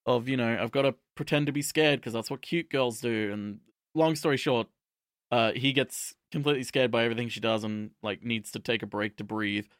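A man's voice: mid-range voice, fairly even intonation, a little fast, a bit bright, no room sound, studio quality. A young man co-hosting a podcast, recapping an episode in casual, rambling chat full of fillers and swearing. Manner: rambling, profane, lots of fillers. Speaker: podcast co-host.

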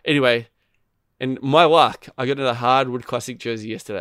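Male podcast co-host, mid-pitched, rambling and profane, close dry sound. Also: fast talker, dry recording. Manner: rambling, profane, animated storytelling. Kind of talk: casual gaming chat.

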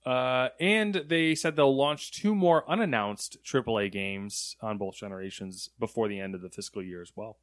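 A man's voice: lowish voice, moderate pace, few pauses, no echo, studio quality. Laid-back young man. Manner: laid-back, plays along with jokes. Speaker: podcast co-host reading gaming news. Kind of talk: casual chat.

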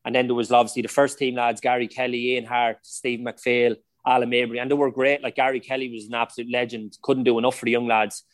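A middle-aged man with an Irish accent spins long, chatty stories in a relaxed interview. His delivery is anecdotal and loose, sprinkled with "like" and "you know". The sound is dry and close, with no room echo. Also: medium pitch, fast, few pauses. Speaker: podcast guest, former footballer. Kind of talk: casual storytelling interview.

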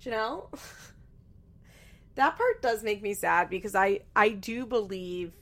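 A woman's voice: mid-range voice, lively intonation, slow pace, a bit bright. A woman giving a casual, chatty recap with lots of fillers and swearing. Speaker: reality TV recap host. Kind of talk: casual commentary.

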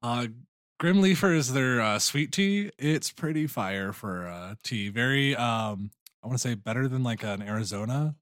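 A man's voice: mid-range voice, moderate pace, fairly bright tone, no room sound, studio quality. A man playing in a tabletop game, chatting casually with jokes and frequent laughter. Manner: jokey, playful, laughs a lot. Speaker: tabletop player. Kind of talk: casual chat.

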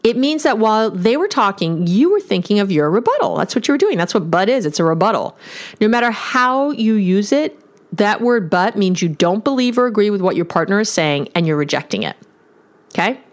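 A woman's voice: mid-range voice, big pitch swings, brisk. A woman giving relationship advice on a podcast, talking emphatically and acting out sample phrases. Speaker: relationship coach. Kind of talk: solo podcast advice talk.

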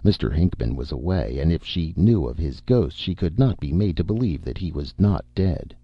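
Deep gravelly male storyteller. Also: normal speed, dry recording, highs cut off. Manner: expressive, melodramatic first-person reading. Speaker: audiobook narrator. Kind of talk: storybook narration.

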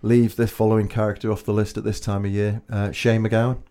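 A man co-hosting a podcast, telling stories in a chatty, relaxed way. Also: lowish voice, quick pace, clear, resonant tone. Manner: anecdotal, chatty storyteller. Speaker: podcast co-host. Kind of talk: casual chat.

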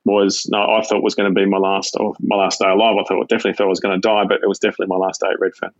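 A middle-aged Australian man, a retired police sergeant, tells his story in a halting way with many fillers and restarts. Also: low-pitched, flat delivery, no echo, muffled recording. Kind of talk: casual personal storytelling.

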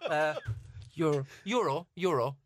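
A man's voice: on the high side, a little slow, a little hiss or hum. A man playing a quiz contestant, fumbling for words, laughing often and rambling off track. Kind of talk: casual banter among friends.

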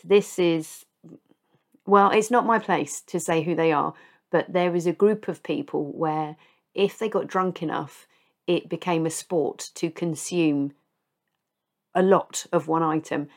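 A woman's voice: sits low, a little slow. A middle-aged woman hosting a podcast, confessing old misadventures in a casual, self-mocking way and laughing at her own stories. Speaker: podcast host.

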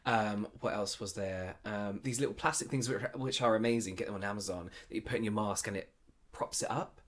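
A man's voice: on the low side, brisk. Brief: male co-host, casual chatter, blunt with offhand swearing. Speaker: podcast co-host. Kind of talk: casual chat.

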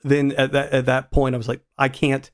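A man with a middle-pitched voice co-hosts a podcast in relaxed, casual chat. He rambles, often restarts his sentences, and pokes fun at himself. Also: normal speed. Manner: rambling, self-deprecating, many restarts. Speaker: podcast co-host.

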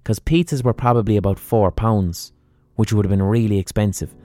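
A man's voice: fairly low pitch, fairly even intonation, a little fast, mellow, no room sound, clean studio sound. A man with an Irish accent, likely in his thirties, telling a sweary comic story as a podcast host and animatedly acting out his mother. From Ireland.

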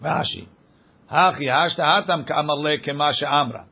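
A man's voice: fairly high pitch, normal speed, husky, highs cut off. A man teaching a daily page of Talmud, reading the passage aloud and explaining it line by line.

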